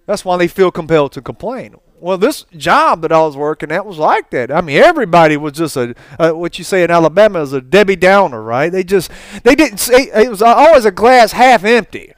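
A man preaching a storytelling sermon, folksy and animated, with asides and laughs. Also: high-pitched, fairly quick, no echo.

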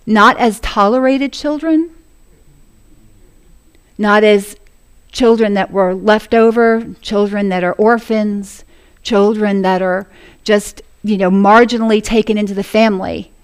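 A woman's voice: medium pitch, unhurried, smooth. A woman preaching a sermon to a congregation, earnest and laughing often as she speaks.

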